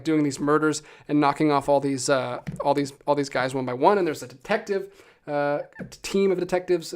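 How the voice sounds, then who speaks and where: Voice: medium pitch, a little mellow. Enthusiastic, chatty live-stream host. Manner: enthusiastic and chatty, with frequent fillers. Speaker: live-stream host reading viewer chat. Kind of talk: casual live-stream chat about film releases.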